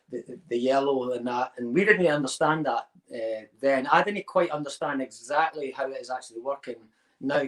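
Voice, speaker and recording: A man's voice: mid-range voice, low-quality recording. A man with a Scottish accent, a podcast guest rambling through anecdotes with Scots slang in casual chat. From Scotland.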